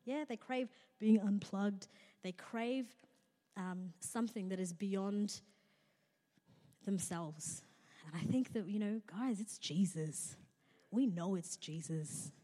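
A woman's voice: medium pitch, takes it slowly, dark tone. A young woman giving a sermon in a church hall, telling a personal story in a casual, conversational way with touches of humor. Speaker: guest speaker. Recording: long reverb of a large hall.

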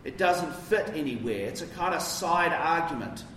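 A man's voice: fairly high pitch, animated, moderate pace, a bit bright, a little hiss or hum. Conversational man preaching in an echoey church. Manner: conversational, emphatic asides. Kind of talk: sermon. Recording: roomy echo from a distance.

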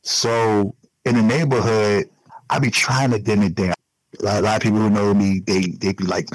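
A man's voice: fairly low pitch, steady tone, moderate pace, no room sound, low-quality recording. A man giving an emotional personal interview, talking earnestly and repeating himself for emphasis.

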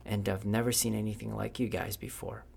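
A wide-eyed young firefly larva, voiced by a man telling a bedtime-style story, speaking with earnest wonder in a low, gravelly register. The voice stays close to the storyteller's own, just a touch softer. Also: little pitch movement, a little fast, full character voice. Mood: awed. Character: young male firefly larva, curious and awestruck.

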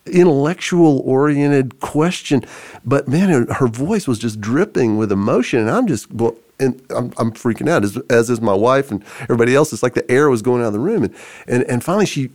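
A man telling a story on a podcast, animated, with many restarts and acted-out voices. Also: mid-range voice, no echo, clean studio sound. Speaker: podcast co-host, church forum leader. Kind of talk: storytelling conversation.

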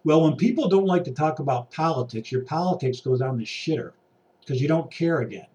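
A man on an exasperated, preachy rant, pacing a room as he talks. His voice sits on the higher side and lands a little distant from the mic. He drops to mutters, then climbs into raised, pointed outbursts. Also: expressive, a little fast, darkish tone. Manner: paces about while talking. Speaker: vlogger. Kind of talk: ranting monologue to camera. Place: indoor room.

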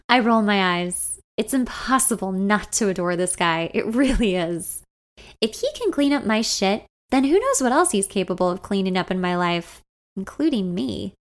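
A woman's voice: medium pitch, animated, normal speed. Woman narrating her own story, self-mocking and dramatic. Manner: self-deprecating, dramatic swings from hushed to loud. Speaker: podcast host. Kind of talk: first-person storytelling narration.

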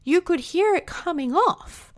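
A woman's voice: extremely high pitch, lively intonation, unhurried. An Australian woman hosting a casual solo podcast, bubbly and outspoken, swearing freely, with rising inflections at the ends of her sentences. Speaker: podcast host.

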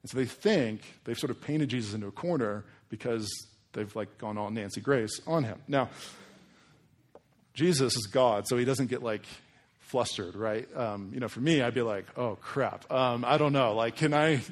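A pastor delivers a sermon in a relaxed, conversational style, often turning aside to address his congregation. His voice sits in the mid-range and moves at a moderate pace.

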